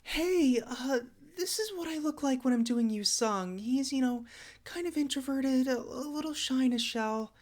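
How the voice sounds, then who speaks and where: A man voicing a shy, introverted young male character in a high, soft-spoken voice. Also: normal speed.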